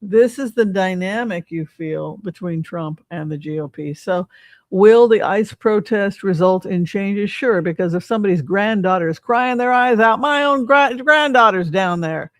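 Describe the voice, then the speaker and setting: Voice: medium pitch, normal speed, no echo. An older tarot reader giving a casual reading, rambling and sarcastic, swearing freely.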